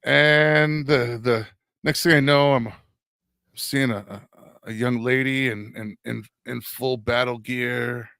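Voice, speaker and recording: A middle-aged man chatting casually on a podcast, rambling and stumbling over his words, dropping curses as he tells a story. His voice sits in an ordinary middle pitch and is recorded close and dry. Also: steady tone, slow, vocal fry, sharp tone, no room sound. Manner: rambling storyteller, swears freely, stammers and restarts. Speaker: podcast co-host. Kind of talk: casual chat.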